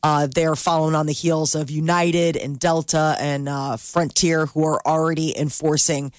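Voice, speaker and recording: A woman's voice: sits low, level tone, normal speed, no echo, studio quality. A woman reading the news in a casual, chatty way on a morning radio show, laughing between items.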